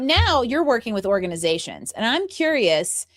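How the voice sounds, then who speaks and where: A woman's voice: on the high side, big pitch swings, moderate pace. A woman hosting a podcast, asking curious questions in an upbeat, playful way. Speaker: podcast host. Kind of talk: conversational interview.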